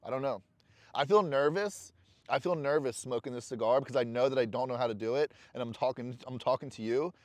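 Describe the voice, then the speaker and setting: A man's voice: mid-range voice, fairly quick, a little mellow, dry recording. Blunt, profane man talking to camera. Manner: blunt, profane self-talk; candid and rambling, with restarts. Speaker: vlogger. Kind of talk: casual motivational monologue to camera.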